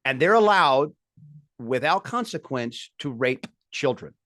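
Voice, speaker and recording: A man's voice: medium pitch, sing-song, unhurried, pushed and bright, no echo, clean studio sound. A man hosting a political commentary show, delivering an emphatic, indignant monologue that builds in rising bursts.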